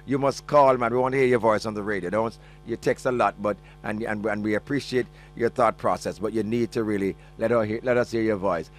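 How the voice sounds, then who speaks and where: A man's voice: fairly low pitch, steady tone, fairly quick, few pauses, soft background music. A man with a Jamaican accent hosting a call-in radio show, chatting and joking as he reads listener messages, slipping between patois and English. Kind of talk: casual radio chat reading listener messages.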